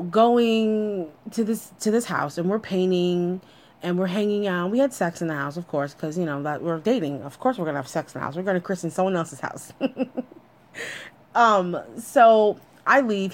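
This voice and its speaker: A woman telling a personal story in a blunt, candid way, swearing freely as she talks. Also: mid-range voice.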